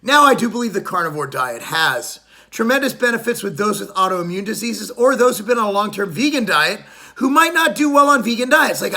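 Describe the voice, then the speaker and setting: A man's voice: high voice, pushed and bright. A middle-aged man, a fitness vlogger, giving a brash, profane, mocking rant to the camera.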